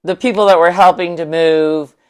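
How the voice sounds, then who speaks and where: A woman's voice: fairly low pitch, fairly even intonation, moderate pace, a little mellow, clear, resonant tone. A woman from the Ozarks, the host's mother, chatting casually with short interjections and laughing denials. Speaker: podcast co-host, the host's mother. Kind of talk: casual chat.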